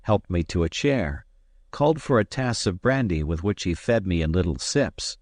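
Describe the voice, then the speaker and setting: A man narrating an adventure novel as an audiobook, in a measured, expressive storytelling manner. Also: sits low, no room sound, clean studio sound. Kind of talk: scripted narration.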